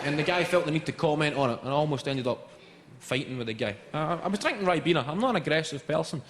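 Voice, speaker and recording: A man with a Scottish accent performing a live stand-up routine, telling animated stories and laughing at his own jokes. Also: fairly high pitch, quick pace, a crowd in the background. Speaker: stand-up comedian. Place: large theatre stage. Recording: echoey hall, loud audience laughter.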